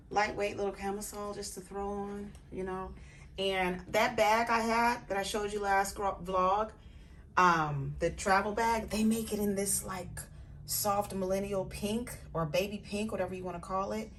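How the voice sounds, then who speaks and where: A middle-aged woman vlogging casually, playful and animated, chatting to her pet and her viewers. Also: mid-range voice, measured pace. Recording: faint background noise.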